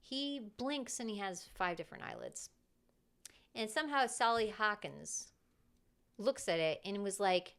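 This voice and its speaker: A woman streamer telling a story in casual chat, in an animated, chatty way. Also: medium pitch, moderate pace, clean tone.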